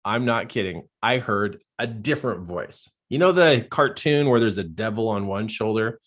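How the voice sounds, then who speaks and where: Earnest man telling a personal story. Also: mid-range voice. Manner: earnest, drops to a hushed voice at dark moments and grows animated in others. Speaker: life coach giving a live talk.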